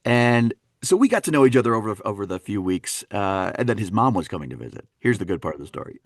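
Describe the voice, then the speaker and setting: A man from Wisconsin, a dialect coach, telling stories on a podcast in an animated, laughing way. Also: lowish voice, fast, breathy edge, dry recording, clean studio sound. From Wisconsin, USA. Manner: animated, laughing, fond of voicing characters. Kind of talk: anecdotal storytelling in a podcast interview.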